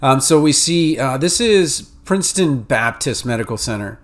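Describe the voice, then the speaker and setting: Hosting a podcast for pharmacy students, a man with a New England and Mid-Atlantic accent gives advice in a relaxed, conversational style full of fillers and restarts. His voice is mid-range, with lively intonation and a moderate pace.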